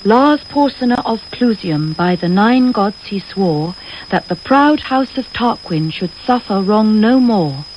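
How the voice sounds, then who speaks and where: A woman's voice: mid-range voice, expressive, a little slow, lo-fi sound, a little hiss or hum, natural voice. A woman voicing a timid, unhappy schoolgirl who speaks hesitantly. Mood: rushed recital. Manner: hesitant and miserable.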